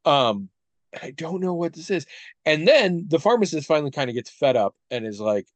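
A man's voice: fairly high pitch, sing-song, normal speed, dry recording. A man in casual podcast chat, retelling something at length with asides and frequent restarts. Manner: conversational, restarts often, retells story with asides.

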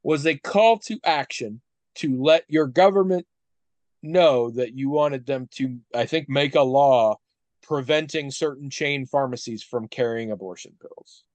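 A man chatting casually on a podcast at a mid-range pitch. He rambles through a story, stopping to restart phrases and add side comments. The sound is dry and close, with almost no room around it. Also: a little slow, a little mellow, no room sound. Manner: conversational, restarts often, retells story with asides. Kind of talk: casual chat.

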